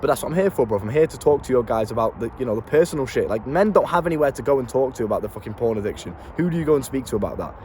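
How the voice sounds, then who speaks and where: This young man's mid-range voice has lively intonation and a darkish tone as he delivers rapid-fire motivation to camera with few pauses. Acting as a blunt, slangy self-improvement coach outdoors in town, he swears and repeats words while faint street noise plays behind.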